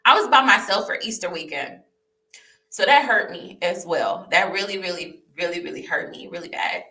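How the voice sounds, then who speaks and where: Speaking at normal speed in a fairly low voice, a young woman shares her personal testimony on a vlog. Her telling is candid and lively, with repetition and laughter throughout, and the recording has a roomy echo with her voice somewhat distant from the microphone.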